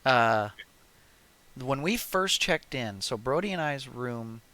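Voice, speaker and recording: A young man hosting a podcast, chatting casually in halting talk with many fillers. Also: mid-range voice, expressive, pushed and bright. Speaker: podcast host. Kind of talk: casual chat.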